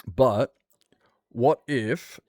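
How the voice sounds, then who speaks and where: A man's voice: mid-range voice, very slow, a little mellow, no echo, clean studio sound. A man, casually chatting with viewers during a game stream, rambling and argumentative, swearing now and then. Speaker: livestreamer. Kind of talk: casual chat with viewers while gaming.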